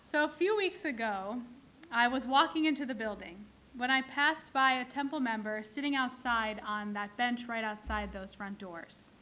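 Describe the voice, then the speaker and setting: High bright woman giving a sermon. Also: normal speed, a little hiss or hum. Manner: storytelling, acting out characters in jokes. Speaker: clergy leading a service. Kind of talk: sermon with jokes. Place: synagogue.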